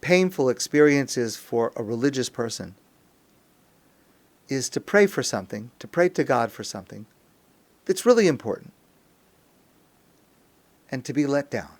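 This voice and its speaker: A man speaking as a rabbi in a recorded talk, earnest, reading Hebrew phrases slowly and translating them, rising to an intense pleading tone at times. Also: medium pitch, lively intonation, a little mellow. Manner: earnest, rises to an intense pleading tone when quoting prayer.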